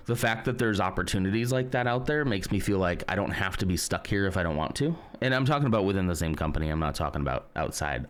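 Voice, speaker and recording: A man's voice: low voice, smooth. A man streaming live, chatting casually and rambling as he reads and answers his chat.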